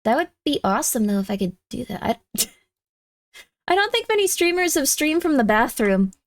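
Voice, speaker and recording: A woman's voice: high-pitched, big pitch swings, moderate pace, no echo, studio quality. A young adult woman streamer chatting casually with her viewers in a rambling, talkative way. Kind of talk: casual live-stream chat.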